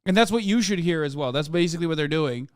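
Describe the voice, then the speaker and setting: Male streamer from the US, reacting to clips, profane, sarcastic, animated, fairly high voice, smooth and clean, dry close sound. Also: fast talker, no echo. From United States. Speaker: streamer and political commentator.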